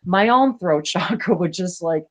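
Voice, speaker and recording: Woman, fairly low voice, casual spiritual talk, earnest, halting, rambling, home livestream. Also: lively intonation. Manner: rambling, halting, many restarts; earnest and emotional.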